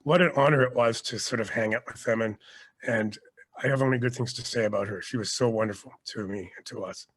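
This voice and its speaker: Casual male guest, chatty storyteller, middle-pitched everyday voice. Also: a little fast, slightly rough. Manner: rambling storyteller, lively, often restarts. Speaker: guest, actor and teacher. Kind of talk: casual podcast interview.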